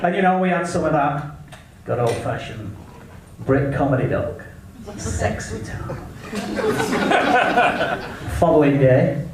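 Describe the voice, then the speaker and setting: A man with an English accent delivers a cheeky, crude stand-up set at an unhurried pace. His fairly high voice leaps up and down to sell each punchline. He is heard from slightly off mic in a very echoey live room with faint noise behind. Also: distant mic. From England. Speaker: stand-up comedian. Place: live comedy venue.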